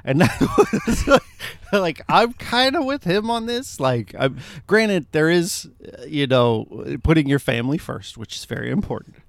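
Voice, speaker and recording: A man's voice: a little high, huge pitch swings, measured pace, creaky, dry recording. A man co-hosting a film podcast, chatting casually and making sarcastic jokes about the plot. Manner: jokey, sarcastic asides. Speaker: podcast co-host. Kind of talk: casual movie review chat.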